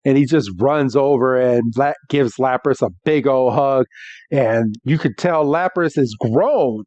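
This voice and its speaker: A man's voice: mid-range voice, a little slow, a little mellow, no echo. A man hosting a podcast, casually recapping an episode in a rambling way with many restarts. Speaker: podcast host. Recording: dull dry lo-fi.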